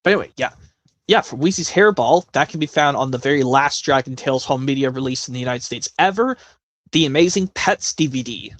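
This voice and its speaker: A man's voice: mid-range voice, brisk, fairly bright tone, no echo. Rambling man on a live stream. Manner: rambling, many self-corrections. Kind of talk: casual live-stream chat.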